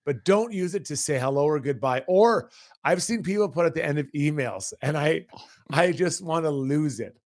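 A man in his forties, his voice sitting high for a man, talks on a casual podcast. He rants in an animated, mock-outraged way, piling up complaints. He sounds worked up but playful. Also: normal speed. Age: 40s. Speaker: podcast co-host.

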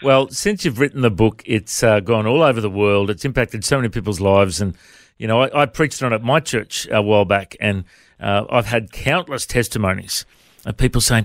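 A man's voice: fairly low pitch, normal speed, no echo, clean studio sound. A man, a pastor, hosting an interview and asking a guest about listeners' stories. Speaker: pastor and host. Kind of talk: interview host.

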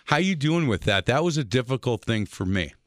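A man hosting a radio show, a former high school basketball coach, who talks in a jovial, teasing way with many restarts. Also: very animated, fairly quick, dry recording, clean studio sound. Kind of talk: casual radio chat.

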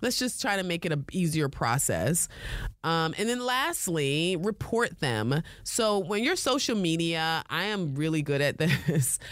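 A woman's voice: low-pitched, no echo, clean studio sound. A woman hosting a podcast, talking casually and chattily, often laughing and using fillers. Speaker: podcast host. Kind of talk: casual solo talk.

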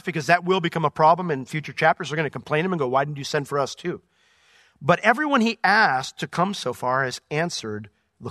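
A man teaching through a Bible passage verse by verse, swinging between loud emphatic points and quiet asides. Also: a little high, no room sound, clean studio sound. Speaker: pastor.

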